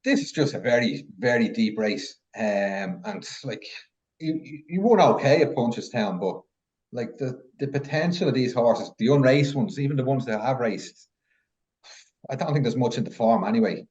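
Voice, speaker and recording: A man on a racing podcast panel, giving his views in a relaxed, hesitant way with lots of ums. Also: medium pitch, normal speed. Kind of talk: casual betting chat. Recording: slightly dull, muffled sound.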